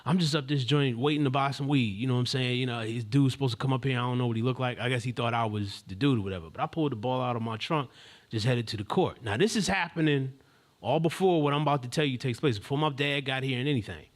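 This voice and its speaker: A man's voice: medium pitch, fast. A man hosting a live stream, telling a story in a casual, rambling, slangy way with many asides and restarts.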